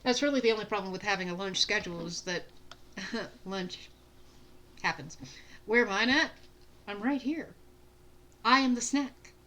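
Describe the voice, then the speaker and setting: A young woman chatting her way through a cozy video game stream. Her voice sits at an ordinary middle pitch, and her talk is loose, chatty and self-deprecating, with laughs dropped in often. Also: moderate pace, pauses often, bright, forceful tone, a little hiss or hum. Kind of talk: casual let's-play chat.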